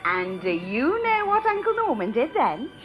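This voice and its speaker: A woman's voice: sits high, wildly swooping pitch, moderate pace, highs cut off, soft background music. A woman doing a mock bedtime story in a sing-song, childish storytelling voice with giggles, on a TV comedy show. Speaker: comedy performer.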